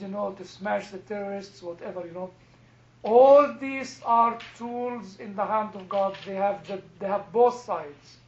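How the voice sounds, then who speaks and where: A man with a first language other than English, talking in a casual group discussion and often repeating words as he starts a thought. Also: sits high. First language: not English. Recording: echoey room, dull lo-fi sound.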